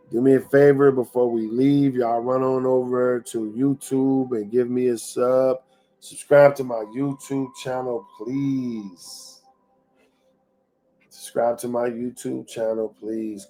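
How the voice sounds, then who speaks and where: A man hosts a motivational livestream and speaks straight to his viewers. His voice sits at a middle pitch, and he repeats his phrases in a preacher-like way. Faint music plays behind him. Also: warm tone. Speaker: host of a live-streamed motivational show. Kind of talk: live-stream motivational talk.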